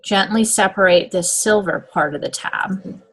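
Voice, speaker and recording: A woman's voice: mid-range voice, a little slow, a bit bright, slightly rough. A woman giving a casual step-by-step nail application demonstration, checking in often with "okay?". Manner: chatty, step-by-step instructions with frequent "okay?" check-ins.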